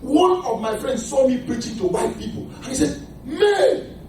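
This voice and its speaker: A man with a Nigerian accent preaching a sermon, animated, shouting and laughing, calling to his congregation for answers. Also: very high voice, brisk, a little hiss or hum. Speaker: pastor. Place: church. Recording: echoey church hall, mic at a distance, congregation audible. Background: responding congregation.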